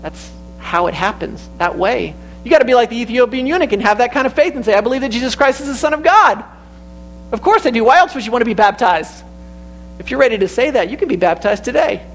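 A man's voice: very high-pitched, slight background noise, rough recording. A man preaching an earnest sermon in a church, repeating key phrases and building to emphatic peaks. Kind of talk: sermon with invitation. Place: church sanctuary.

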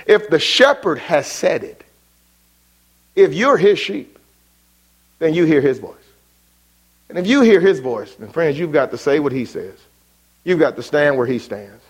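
A man preaching an evening sermon, rising sharply when quoting and dropping soft and low for his appeals. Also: slightly rough. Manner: emphatic, rises sharply on quoted words, drops low for appeals.

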